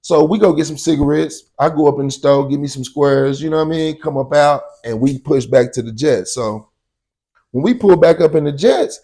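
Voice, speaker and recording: A man's voice: on the high side, moderate pace, breathy edge. Slangy man telling a story. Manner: slangy, repeats "you know what I'm saying"; acts out shouted quotes loudly. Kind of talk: casual storytelling.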